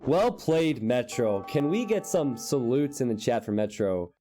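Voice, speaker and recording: A young man casting a strategy game live, excitable and quick to jump into high shouts at big plays. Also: soft background music. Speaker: game caster.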